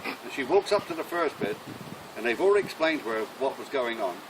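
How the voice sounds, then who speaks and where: A man telling a long, earthy joke in an animated voice. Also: medium pitch, a little fast. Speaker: joke teller. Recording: noisy room.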